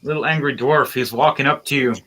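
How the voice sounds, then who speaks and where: A man's voice: medium pitch, steady tone, fairly quick, background noise. A man narrating as game master in a casual, chatty way, laughing often.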